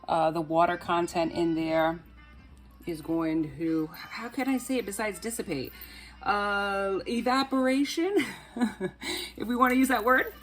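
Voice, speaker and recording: Lady cooking on camera, low-ish voice, chatty and playful, bit of faint music. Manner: chatty and playful, talks to viewers. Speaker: cooking channel host. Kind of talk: casual cooking demo to camera.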